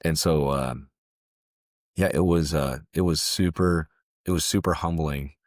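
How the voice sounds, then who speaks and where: A man's voice: a bass voice, steady tone, measured pace, no room sound, clean studio sound. A man from Southern California, a former security contractor, telling stories as a guest in a casual interview, loose and conversational with frequent restarts.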